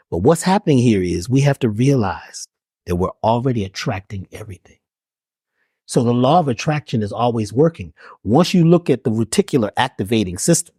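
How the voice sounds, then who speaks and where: A guest on an interview, this spiritual healer and herbalist teaches emphatically like a preacher, firing off rhetorical questions and slang. His mid-range voice is husky, recorded in studio quality with no echo.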